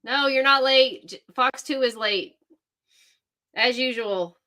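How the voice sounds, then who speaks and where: A middle-aged woman hosting a livestream, chatting excitedly and greeting viewers by name. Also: fairly high pitch, takes it slowly. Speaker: livestream host. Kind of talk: casual livestream chat.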